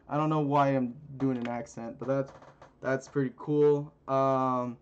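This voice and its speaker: A man's voice: medium pitch, flat delivery, unhurried, clean tone. A man rambling through a casual card-opening video with crude jokes and lots of fillers, recorded on a phone. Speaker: channel host.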